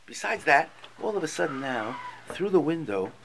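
Brief: man, text study teacher, lively singsong delivery, gravelly edge. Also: a little high, moderate pace, noisy background. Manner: animated, emphatic, reads text aloud with feeling.

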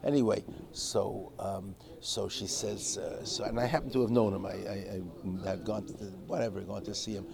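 Over audible crowd and background noise, a man with a lowish, steady voice teaches an informal Torah class at a normal speed with few pauses. His storytelling wanders off on tangents, full of restarts and Hebrew and Yiddish words.

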